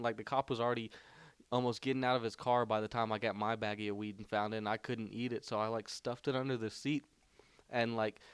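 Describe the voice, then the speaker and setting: Young man, casual storytelling, low voice, flat and monotone, smooth tone, dry close sound. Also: no room sound. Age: young adult. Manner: rambling, full of "like" and "you know". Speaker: vlogger telling a story.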